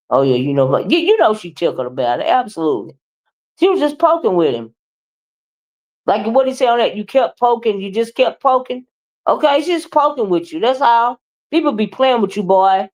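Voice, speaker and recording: A woman, giving sassy, expressive commentary on a livestream. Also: on the high side, rough recording.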